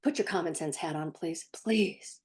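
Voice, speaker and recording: A woman parent coach talking casually to the camera in a sarcastic, animated way, sometimes laughing as she speaks. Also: deep voice, normal speed. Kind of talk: casual vlog commentary.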